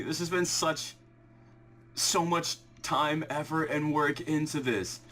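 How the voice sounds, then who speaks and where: A young man recording a vlog, swinging from ecstatic shouting and laughter to quick, low explanations, shaky and breathless with excitement. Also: a little hiss or hum. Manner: quiet muttered counting. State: shaking with excitement, heart racing. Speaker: shiny hunting video creator. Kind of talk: excited live reaction vlog.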